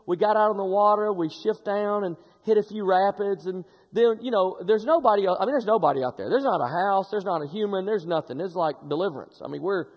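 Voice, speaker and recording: A middle-aged man preaching a sermon, telling stories in an animated way with frequent restarts. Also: high-pitched, long reverb tail. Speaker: pastor.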